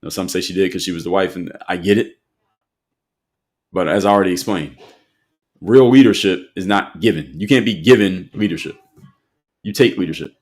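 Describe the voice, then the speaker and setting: A man's voice: sits low, normal speed, pauses often, darkish tone. A man hosting an opinion commentary show, speaking emphatically and repeating his points for effect.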